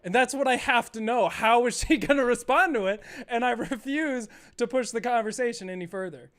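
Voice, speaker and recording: A man's voice: extremely high pitch, a little fast, fairly bright tone. A young man streaming a game, chatting in a rambling, profane way and laughing often. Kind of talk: casual gameplay chat.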